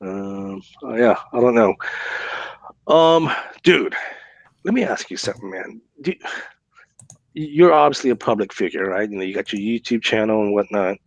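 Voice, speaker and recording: A man hosting a podcast, telling a story in an animated, chatty way and often tagging on "right?" and "man.". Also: mid-range voice, moderate pace, gravelly, no echo, muffled recording. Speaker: podcast host.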